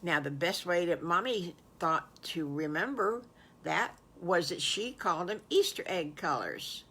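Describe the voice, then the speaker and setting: An older woman, a grandmother, telling an improvised children's story in a warm, folksy, exclaiming way. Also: on the low side, lively intonation, unhurried, breathy edge.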